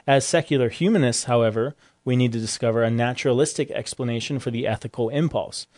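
Man speaking relaxed, dry close sound. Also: mid-range voice, fast, no room sound. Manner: relaxed storytelling with frequent restarts. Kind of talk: casual discussion.

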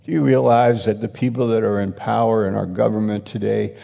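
Slow gravelly preacher in a reverberant hall. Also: male voice, on the low side, fairly even intonation, mellow. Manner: emphatic, repetitive rebukes with rising intensity. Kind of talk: sermon.

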